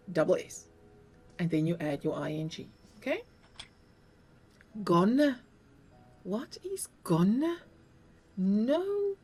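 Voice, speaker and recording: A woman's voice: lowish voice, darkish tone. A middle-aged woman with a South African accent, explaining English spelling to learners patiently and spelling words out letter by letter. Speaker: English teacher.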